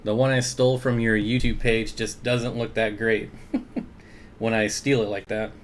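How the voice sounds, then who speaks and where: A man's voice: on the low side, level tone, moderate pace, a little hiss or hum. A man hosting an aquarium livestream in easygoing, casual chat. He reads viewer comments aloud, greets people by name and chuckles often.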